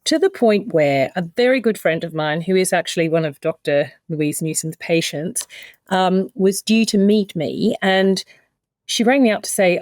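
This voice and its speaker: A woman's voice: lowish voice, expressive, moderate pace, a little mellow, no echo, clean studio sound. A middle-aged woman, a podcast guest, candidly and emotionally retelling a personal story in conversation. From Australia. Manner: candid, emotional retelling with many quoted exchanges.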